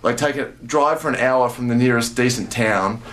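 A young man from Australia, a bass player, recounting his story with many pauses, fillers and restarts. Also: fairly bright tone. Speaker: bass player and interview guest. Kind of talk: casual storytelling interview.

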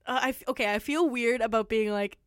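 A woman's voice: on the high side, brisk, dry recording, studio quality. A young woman co-hosting a radio show, chatting casually with lots of fillers and giggles. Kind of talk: casual chat.

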